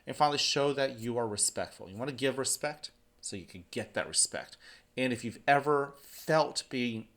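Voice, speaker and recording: A man's voice: mid-range voice, normal speed, a bit bright. A man who is a school principal, giving morning announcements and speaking encouragingly to students.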